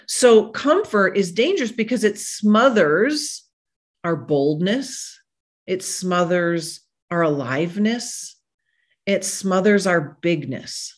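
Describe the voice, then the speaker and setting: A woman psychologist giving a motivational podcast talk, animated, acting out the quotes she tells. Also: lowish voice, slow pace. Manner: animated, acts out quoted voices.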